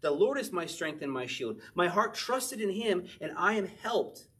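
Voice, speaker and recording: Conversational male pastor, slightly high voice. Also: very animated, normal speed, a bit bright. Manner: conversational, acts out voices in quotes. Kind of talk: verse-by-verse sermon.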